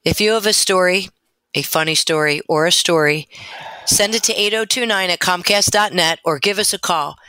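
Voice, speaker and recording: A woman with a bright, forceful voice chats on a talk show, friendly and informative as she explains home buying. Her voice sounds dry and close to the mic. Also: lowish voice, normal speed, dry recording. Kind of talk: casual radio chat.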